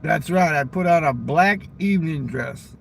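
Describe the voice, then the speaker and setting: A man's voice: fairly high pitch, animated, a little slow, creaky, slight background noise. A man telling crude stories in a rambling, profane casual monologue, outdoors near a railroad crossing. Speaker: vlogger.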